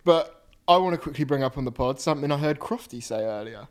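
Male co-host, slight lisp, higher voice, relaxed chatty delivery. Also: quick pace. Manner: chatty, laughs often, repeats words. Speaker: podcast co-host. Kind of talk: casual chat.

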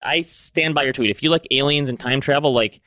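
A man co-hosting a podcast in casual chat, relaxed and chatty with lots of fillers. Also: mid-range voice, fairly quick, no echo, clean studio sound. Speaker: podcast co-host.

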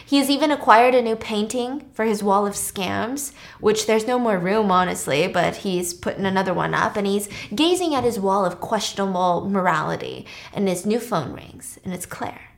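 A woman's voice: mid-range voice, moderate pace, creaky, hardly any pauses. A woman casually retelling a film plot, animatedly acting out the characters' lines. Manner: animated, acts out characters' lines in quoted voices. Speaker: storyteller recapping a film.

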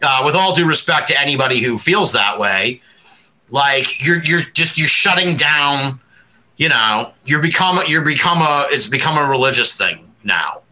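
A man talking in a rambling, animated podcast discussion, swearing freely and laughing often. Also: mid-range voice, moderate pace, rough recording. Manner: many fillers and restarts, laughs often.

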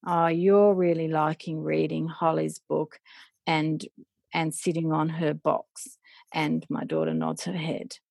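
A middle-aged woman, a parent educator, telling stories in an animated way and acting out remembered dialogue. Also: low voice, takes it slowly, creaky, no echo. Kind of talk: storytelling in a podcast interview.

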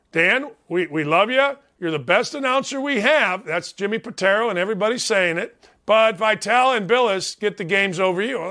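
Brash sports-radio host in his fifties, high bright voice, hammering points in a rant. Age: 50s. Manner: brash, emphatic, repetitive ranting.

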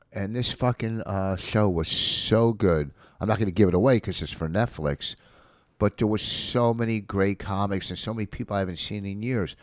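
A man's voice: on the low side, darkish tone, dry recording, studio quality. A man hosting a casual podcast, rambling through profane stories with lots of filler. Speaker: podcast host, comedian.

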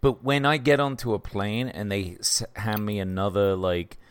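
Laid-back low-voiced man chatting. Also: steady tone, normal speed, clear, resonant tone. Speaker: podcast co-host. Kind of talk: casual chat and host-read ad.

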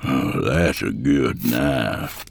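A man's voice: a bass voice, animated, a little hiss or hum, pitched below the performer's own voice, heavily acted. A man voicing a menacing old hillbilly villain in an audiobook, with a growling, drawling delivery. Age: older. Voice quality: growling, gravelly. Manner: slow, drawling menace with evil laughs.

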